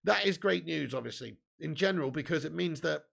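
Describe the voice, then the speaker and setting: A young man with a high, bright voice and a heavy gravelly fry hosts a live football watch-along. He swaps commentary on the match with banter to his viewers, swearing freely and laughing often. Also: fairly quick. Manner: gets excited at chances and goals.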